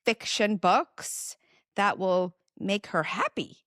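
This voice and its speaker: A woman's voice: mid-range voice, slow, fairly bright tone, no room sound, studio quality. A woman co-hosting a book podcast in casual chat, speaking expressively and laughing between remarks. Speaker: podcast co-host.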